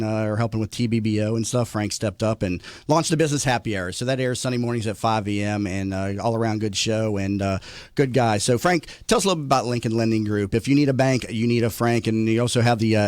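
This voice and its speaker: A man's voice: fairly low pitch, a little mellow, no room sound. A man hosting a morning business radio show from the studio, talking loosely with many filler words. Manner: rambling, lots of filler words. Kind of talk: casual radio talk. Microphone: headset studio mic.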